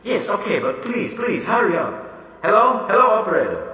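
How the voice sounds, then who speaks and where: A man's voice: sits high, sing-song, a little fast, fairly bright tone, pitched above the performer's own voice. A man voicing an anxious woman organizing an event, who talks in a frantic, pleading way. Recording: echoey hall, far from the mic.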